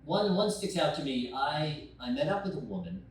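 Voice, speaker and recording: A young adult man telling a rambling, profane stand-up story, acting out scenes with sudden shouted quotes. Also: fairly high pitch, big pitch swings, moderate pace, slight background noise. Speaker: stand-up comedian. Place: bar stage. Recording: echoey bar room from far off.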